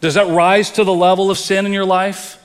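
Pastor guy preaching, kinda higher voice, earnest, restarts words a lot, long echo like a big church. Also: flat delivery, moderate pace, clean tone. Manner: earnest, repeats words when stressing a point. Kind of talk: sermon.

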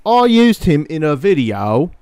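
A relaxed man chatting with friends, his voice smooth and resonant. The sound is dry and close, with no room around it. He drops in facts now and then and swears offhandedly. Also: fairly high pitch, unhurried, no echo. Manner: laid-back, offers facts, swears casually. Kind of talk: casual chat.

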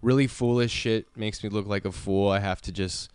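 A man with a lowish, smooth voice tells casual stories on a podcast and laughs often. He is recorded dry and close, with no room sound around him. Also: fairly even intonation, moderate pace, no echo. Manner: laid-back storyteller, laughs often, shouts when quoting. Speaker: podcast host. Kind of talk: casual chat.

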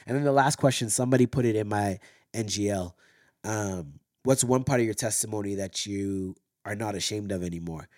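A man hosting a solo faith podcast who shares a personal testimony openly and earnestly, with his voice going hoarse. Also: lowish voice, moderate pace, a little mellow. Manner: earnest, open, ends in spoken prayer. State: losing his voice. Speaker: podcast host.

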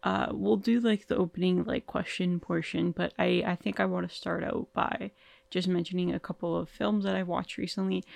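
A woman's voice: lowish voice, steady tone, moderate pace, vocal fry, darkish tone, no room sound. A woman hosting a casual film podcast monologue, sounding tired and yawning, rambling along with frequent likes, ums and restarts. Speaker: podcast host.

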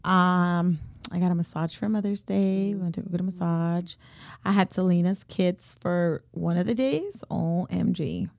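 A woman's voice: lowish voice, normal speed, no room sound. Chatty woman telling stories, dry close sound. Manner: animated storytelling, acts out yelling, swears freely. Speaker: podcast co-host. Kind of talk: casual chat.

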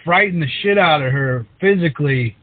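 A man in a slightly higher register chimes in as a podcast co-host. He hedges his points and leans on "like" over and over. His voice comes through a dry, tinny, phone-like line. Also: moderate pace, no room sound. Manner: hedging, lots of "like". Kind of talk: casual movie chat.

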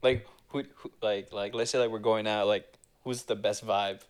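A man's voice: fairly low pitch, steady tone, moderate pace, smooth. A man co-hosting a podcast in casual chat, rambling with lots of filler and teasing his friend. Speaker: podcast co-host.

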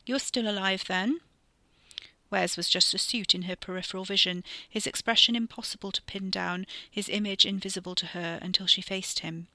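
A podcast storyteller reading a horror story in a steady, measured way, sometimes dropping into a whisper. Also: medium pitch, no echo. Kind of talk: scripted narration of a horror story.

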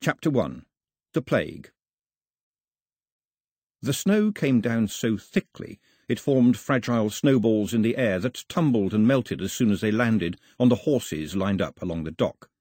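A man narrating an audiobook in an expressive storytelling manner. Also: on the low side, unhurried, husky, dry recording, studio quality.

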